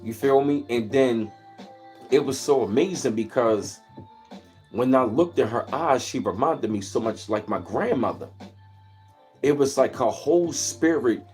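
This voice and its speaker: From his home in Maryland, a man chats loosely and at length on his own livestream, his expressive, mid-range voice darkish in tone and measured in pace. He drifts through laid-back, rambling stories, occasionally stopping to greet viewers by name, while faint music plays in the background.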